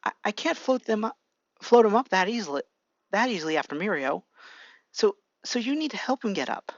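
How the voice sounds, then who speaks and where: A reader voicing an urgent young girl hero in a raised, hurried voice, reading amateur fan fiction. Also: medium pitch, big pitch swings, no room sound, dull audio, voice pushed up. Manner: raised, hurried character voice with repeats.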